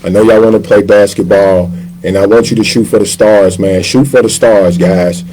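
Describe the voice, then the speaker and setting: A man in his fifties, a chef, telling stories in a casual interview, slangy and animated, acting out quotes. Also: fairly low pitch, moderate pace, rough recording. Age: 50s. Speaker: chef guest.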